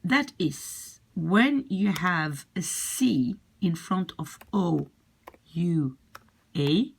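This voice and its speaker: A woman with a Dutch accent teaching a language lesson, patiently repeating phrases slowly. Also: lowish voice, animated, gravelly, a little hiss or hum.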